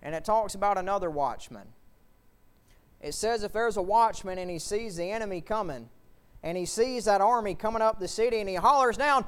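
A male preacher delivering a fervent sermon, building to loud shouts at the peaks. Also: high-pitched, expressive, moderate pace, clean tone.

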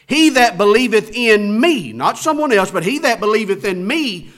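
Guy preaching, emphatic, bright forceful voice, swoops up and down a lot. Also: sits high, very animated, normal speed, few pauses. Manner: emphatic, rising and falling preaching cadence. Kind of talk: sermon.

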